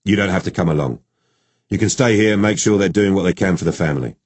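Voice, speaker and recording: A man voicing a calm, dryly joking male detective with a Geordie accent in an audiobook. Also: deep voice, fast, slightly rough, no room sound. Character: male detective, steady and wry.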